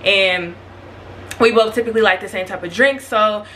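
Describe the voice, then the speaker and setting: Bright, chatty young woman telling a story. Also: mid-range voice, normal speed, a little hiss or hum. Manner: chatty, animated, slangy, addresses viewers directly. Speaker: vlogger. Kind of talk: casual storytime monologue.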